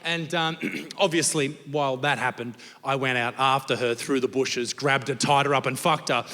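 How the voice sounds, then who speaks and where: A man's voice: mid-range voice, steady tone, moderate pace. A young Australian man doing a crude, brash stand-up set before a live audience. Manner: crude, brash storytelling with swearing. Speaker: stand-up comedian. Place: comedy venue with live audience. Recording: live hall reverb, faint noise.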